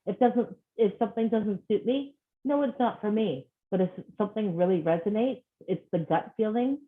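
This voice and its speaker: A woman's voice: medium pitch, normal speed. A woman from Scotland, a guest author, talking in an earnest, reflective way in a casual interview. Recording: tinny phone-like line.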